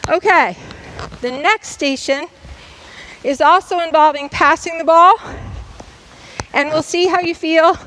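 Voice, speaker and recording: A woman's voice: sits high, fairly bright tone, a little hiss or hum, low-quality recording. A woman coach demonstrating tennis drills for a class in a school gym, explaining each step and checking in often. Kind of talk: instructional demonstration.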